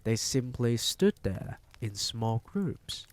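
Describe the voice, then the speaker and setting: A man reading a novel aloud on a live stream, telling it in an unhurried, measured way. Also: medium pitch, sing-song, a little mellow, no room sound.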